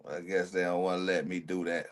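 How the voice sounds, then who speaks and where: A man's voice: deep voice, little pitch movement, fast. A man streaming a reaction, talking back at a video in blunt, slangy commentary.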